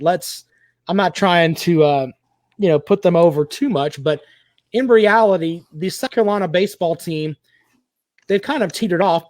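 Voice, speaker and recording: A fairly high-pitched man hosts a sports talk show, laying out opinionated arguments at length. His voice is recorded dry and close, with no room echo. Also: darkish tone. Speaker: podcast host.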